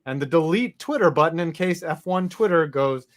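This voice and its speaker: A man's voice: fairly high pitch, animated, normal speed. Casual, joking sports-podcast man. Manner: loose, swearing, jokey asides. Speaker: podcast co-host reading listener comments.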